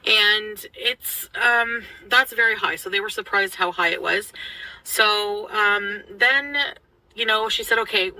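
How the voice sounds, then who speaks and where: A woman's voice: mid-range voice, slow pace, sharp tone, poor audio. A French Canadian woman vlogger telling a long personal story in a rambling way, with many ums and restarts. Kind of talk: storytelling vlog.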